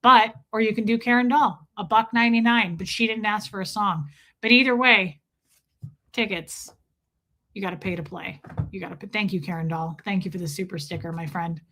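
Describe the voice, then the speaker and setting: A woman hosting a livestream in casual chat, playful and loud, her voice going a little hoarse. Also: medium pitch, moderate pace. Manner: playful, sings along loudly between chatter. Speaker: livestream host.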